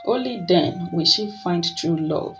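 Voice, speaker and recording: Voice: mid-range voice, lively intonation, unhurried, a bit bright, highs cut off, soft background music. A storyteller voicing an old, wise priestess giving a solemn instruction.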